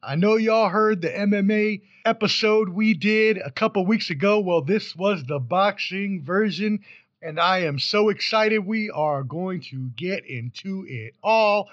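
A man's voice: sits high, measured pace, no echo, lo-fi sound. A man hosting a podcast, introducing the show in a playful, hyped, rambling way. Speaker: podcast host.

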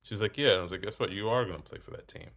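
A man's voice: lowish voice, very fast. A man telling a story in casual talk, acting out both sides of a conversation. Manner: animated, acts out both sides of dialogue.

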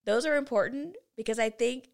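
A woman's voice: on the high side, a little fast, creaky. A woman co-hosting a casual faith podcast, earnestly teaching Bible study steps one at a time. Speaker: podcast co-host.

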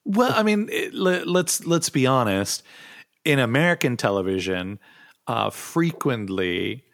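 A man's voice: mid-range voice, big pitch swings, unhurried, gravelly, a bit bright. A man co-hosting a podcast, whose first language is not English, chatting casually with many restarts and fillers. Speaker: podcast co-host.

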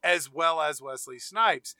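A man's voice: on the high side, unhurried, bright, forceful tone, clean tone, no room sound, clean studio sound. A man co-hosting a casual movie recap podcast, acting out scenes in goofy voices. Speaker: podcast co-host.

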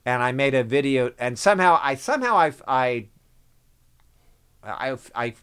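A man's voice: medium pitch, animated, moderate pace, fairly bright tone, smooth. A middle-aged man telling a story in casual conversation, acting out the people he quotes in big voices. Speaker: guest actor.

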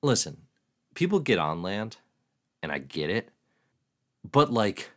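A man's voice: on the low side, big pitch swings, takes it slowly. A man hosting a casual livestream, joking and mocking himself as he answers viewer questions aloud. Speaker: comics livestream host.

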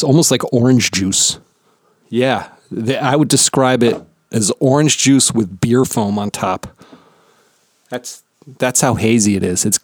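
Recorded dry and at studio quality, a medium-pitched man hosts his own podcast from a basement at home. He's from New Jersey, roughly in his thirties, and his casual solo talk rambles, swears freely, and pokes fun at himself.

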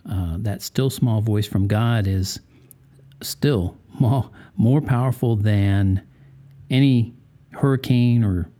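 A man's voice: fairly low pitch, warm tone. A man hosting a faith-based podcast, talking conversationally and putting rhetorical questions to the listener. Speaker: podcast host.

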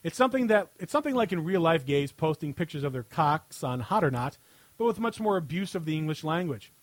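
A man's voice: on the high side, lively intonation, fairly quick, no room sound. A man hosting a podcast, reading a satirical article aloud in a sarcastic tone and often breaking into laughter. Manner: reads with frequent laughter, sarcastic. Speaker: podcast host.

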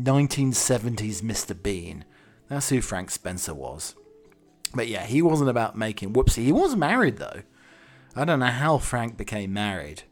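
A man hosting a podcast alone, rambling cheekily in a casual monologue with wry asides. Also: lowish voice. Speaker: podcast host.

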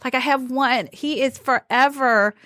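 A woman hosts a podcast in a casual chat, telling animated stories about teaching and laughing often. Her voice sits high and unhurried, recorded with clean studio sound and no echo.

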